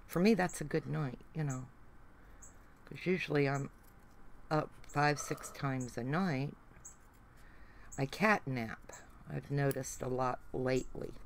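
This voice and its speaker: A middle-aged woman with a Southern accent, chatting folksily to her livestream viewers while she works on a craft project. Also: extremely low pitch. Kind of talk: casual chat while crafting.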